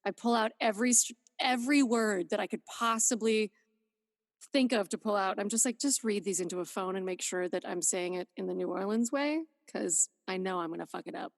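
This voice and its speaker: A woman from Idaho, a guest in a casual podcast chat, talking in a chatty, animated way. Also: medium pitch, a little fast, dry recording, clean studio sound, big-room sound. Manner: chatty and animated, slides into voices. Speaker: guest narrator.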